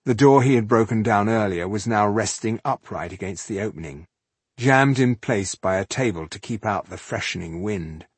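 A man narrating a fantasy novel in a steady, measured reading, with a husky voice. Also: lowish voice, no echo. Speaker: audiobook narrator.

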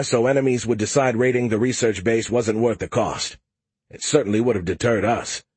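Husky low-voiced male audiobook narrator. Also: darkish tone, no echo. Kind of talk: first-person audiobook narration.

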